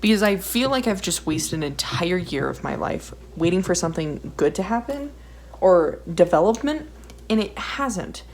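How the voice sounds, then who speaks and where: A woman's voice: lowish voice, expressive, moderate pace, darkish tone. Rambling, swearing young woman. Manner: swears a lot, rambling and self-deprecating. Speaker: art vlogger. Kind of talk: casual ranting while drawing. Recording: faint background noise.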